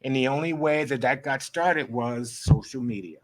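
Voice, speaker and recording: Animated storytelling man, middle-aged. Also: mid-range voice, moderate pace. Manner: animated, acts out quoted dialogue. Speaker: photographer guest. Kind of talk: storytelling interview.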